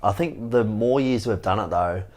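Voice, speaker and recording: A man in a relaxed, chatty conversation. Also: on the low side, normal speed. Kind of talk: casual chat.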